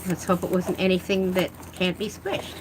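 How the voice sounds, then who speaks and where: Her voice is lowish, level in tone and at a normal speed, set against heavy background noise. She's unboxing art supplies for a vlog, rambling casually, poking fun at herself and speaking with her mouth full.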